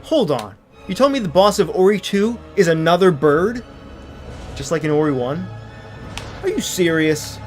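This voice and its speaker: A man's voice: sits high, sing-song, normal speed, pauses often, faint music behind. A man casually commentating a video game with a co-host, playful and sarcastic, sometimes reading game text aloud. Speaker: let's play commentator.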